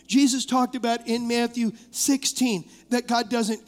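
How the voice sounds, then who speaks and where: High-voiced animated male pastor in a big reverberant hall. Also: measured pace, few pauses, faint music behind. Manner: animated storytelling preacher, laughing through stories. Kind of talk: sermon. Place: church sanctuary.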